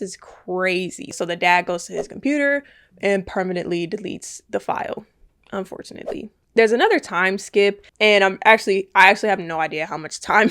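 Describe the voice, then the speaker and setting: A young woman in her twenties talks through a film's plot in a loose, casual way. She is animated and chatty, tossing in reactions and filler as she goes. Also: mid-range voice. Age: 20s. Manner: animated, chatty retelling with lots of "like". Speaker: movie recap YouTuber. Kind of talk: casual movie recap.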